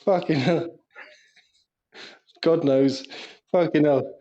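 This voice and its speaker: A man with a fairly high, warm voice co-hosts a casual podcast chat, taking his time as he tells stories full of swearing and giggles. The audio sounds dull.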